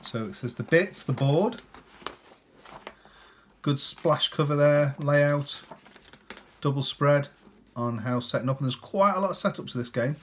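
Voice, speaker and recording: A man's voice: a little high, unhurried, pauses often, fairly bright tone, a little hiss or hum. A man casually talking through a board game unboxing, chatty and rambling, often ending with tag questions.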